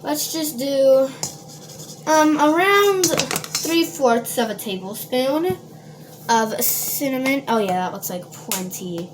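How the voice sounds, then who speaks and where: A home baker vlogger from Minnesota talks straight to her viewers in a high, animated voice, speaking slowly. Rambling and full of fillers, she bakes in a noisy home kitchen where dishes and cutlery clatter.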